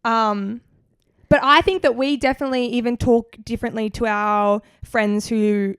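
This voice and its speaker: A woman's voice: a little high, steady tone, moderate pace, a bit bright, clear, resonant tone, no echo, clean studio sound. A young woman with a Queensland Australian accent, co-hosting a podcast and telling stories in casual chat, full of "like". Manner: chatty storyteller, heavy use of "like". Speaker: podcast co-host.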